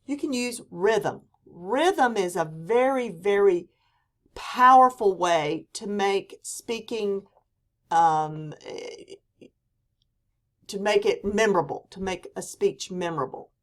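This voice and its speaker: A woman teaches a lesson at an unhurried pace, her voice sitting in a middle range. She reads out examples slowly and with emphasis, one clear point after another. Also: mid-range voice. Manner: slow, deliberate delivery with quoted examples read for emphasis. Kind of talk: classroom lecture.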